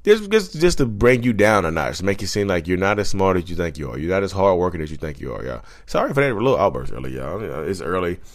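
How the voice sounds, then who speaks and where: A man with a very low, deep voice talks casually to his viewers, calling them y'all. He rambles, repeats himself and swears bluntly as he goes. He speaks into a handheld microphone. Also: expressive, fast, hardly any pauses. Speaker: YouTuber talking about narcissism. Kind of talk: casual vlog monologue. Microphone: handheld USB microphone.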